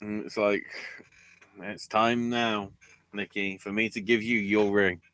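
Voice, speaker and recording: Sarcastic, unhurried man podcasting. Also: on the low side, level tone, a bit bright, dry recording. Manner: sarcastic, profane, mocking recaps. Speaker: podcast co-host. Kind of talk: casual podcast banter.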